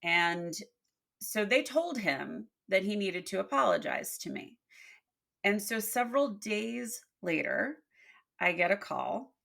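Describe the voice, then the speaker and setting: A woman's voice: medium pitch, slow pace, gravelly. A woman leadership coach telling workplace stories as a podcast guest, acting out the dialogue as she goes. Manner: expressive storyteller, acts out dialogue. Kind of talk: storytelling interview.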